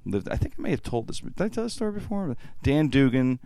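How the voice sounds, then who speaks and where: Expressive man in a dry close recording. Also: mid-range voice, fast, no room sound. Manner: laughing, acts out voices in his story. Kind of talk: casual podcast chat and storytelling.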